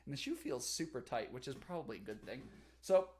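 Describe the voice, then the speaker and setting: A young man on a casual livestream, telling a story with animated delivery, big pitch jumps and laughter. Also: fairly quick. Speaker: streamer.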